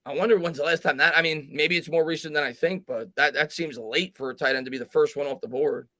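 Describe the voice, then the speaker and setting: A man hosting a live sports talk stream, his voice sitting a little above the usual male pitch. He reads viewer comments aloud and talks things through with restarts and fillers, recorded close and dry. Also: fairly even intonation, quick pace, pushed and bright, no echo. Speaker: host.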